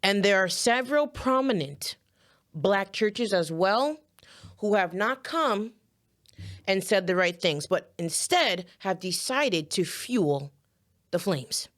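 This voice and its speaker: Taking it slowly, a woman with a medium-pitched, expressive, fairly bright voice gives heartfelt commentary straight to her viewers. She is earnest and emotional, fighting back tears and repeating phrases.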